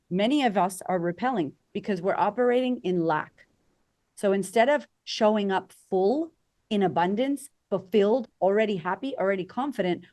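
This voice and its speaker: A woman coaching as a podcast guest, energetic and conversational, acting out quoted voices for emphasis. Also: mid-range voice. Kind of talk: conversational interview.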